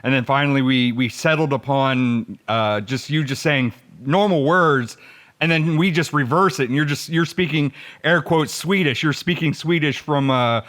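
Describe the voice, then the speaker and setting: A man who produces the podcast, telling stories in an animated way, with many fillers. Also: medium pitch, moderate pace. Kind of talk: casual podcast chat.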